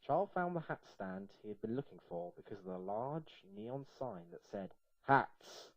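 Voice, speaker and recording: Man reading a silly story with lively pitch. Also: normal speed, dry recording, dull audio. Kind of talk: reading an absurd comic story aloud.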